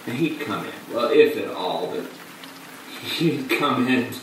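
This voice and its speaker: Actor playing a rueful, halting stage storyteller. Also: male voice, medium pitch, animated, slight background noise. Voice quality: halting, dark bitter laughs. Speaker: actor in a monologue. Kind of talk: stage monologue on film. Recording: distant echoey room with rain.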